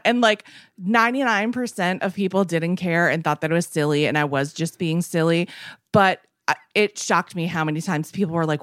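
A woman's voice: on the low side, moderate pace, no echo, clean studio sound. A woman co-hosting a podcast in casual chat, earnest and chatty as she tells anecdotes.

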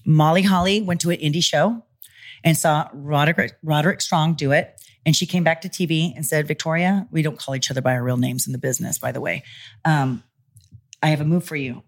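A woman's voice: deep voice, brisk. A woman in her forties from California, telling stories in a casual interview and acting out the voices of people she quotes. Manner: animated, acts out quoted voices. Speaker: interview guest, former pro wrestler. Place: studio in Los Angeles.

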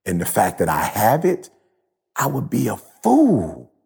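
A man in his thirties hosting a podcast, talking in an animated, preachy, slangy way. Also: fairly low pitch, unhurried, vocal fry, husky. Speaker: podcast host. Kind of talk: casual podcast chat. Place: live event in Jamaica.

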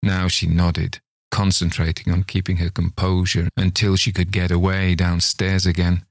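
A man reading a story aloud in a measured, unhurried narration. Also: sits low, completely flat delivery, no echo, studio quality. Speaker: reader of stories.

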